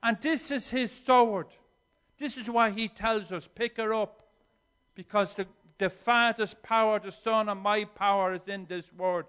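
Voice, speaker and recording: A man delivers an earnest sermon, moving between quiet reflection and emphatic declarations and often repeating words. His voice is high-pitched and smooth, with a steady tone and a measured pace.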